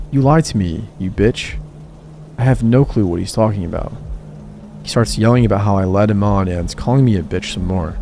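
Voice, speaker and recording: Low gravelly guy reading a horror story, music going under it. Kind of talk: scripted narration.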